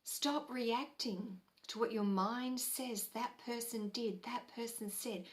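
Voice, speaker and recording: A woman giving a live spiritual teaching talk in a slow, gentle, soothing way, sighing softly and repeating key phrases for emphasis. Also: on the high side.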